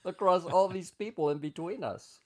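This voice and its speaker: A man's voice: high-pitched, moderate pace, a crowd in the background. An older man reminiscing in an interview, chatty, laughing often as he tells his stories. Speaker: oral history interviewee. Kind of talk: reminiscing storytelling.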